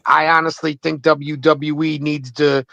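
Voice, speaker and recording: Man, podcast co-host, casual chat, blunt, slightly high voice, dry muffled audio. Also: flat delivery, unhurried, vocal fry, sharp tone, dry recording.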